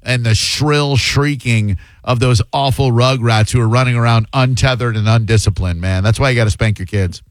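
A man's voice: medium pitch, normal speed, few pauses, no room sound. A man hosting a talk radio show, chatting casually and making sarcastic jokes. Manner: joking, sarcastic asides. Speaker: radio host.

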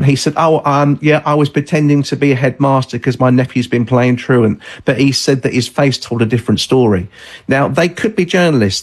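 Measured, hesitant man telling stories. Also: mid-range voice, slightly rough. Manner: hesitant, measured storytelling with fillers. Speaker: guest author. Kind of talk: radio call-in interview.

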